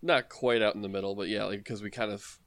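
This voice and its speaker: A man with a fairly low voice plays a tabletop game in an easygoing way. He asks about the scene and calls out orders to his crew. The sound is close and dry. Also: fairly even intonation, quick pace, a bit bright, dry recording. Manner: easygoing, asks questions, gives orders in character. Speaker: player. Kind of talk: casual tabletop play.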